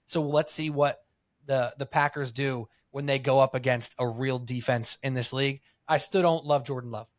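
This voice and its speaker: A man with a New York accent co-hosting a sports podcast, telling stories in a lively way and acting out what people said. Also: medium pitch, moderate pace, no echo, clean studio sound. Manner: animated storytelling, acts out quotes. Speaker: podcast co-host. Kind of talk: casual sports chat.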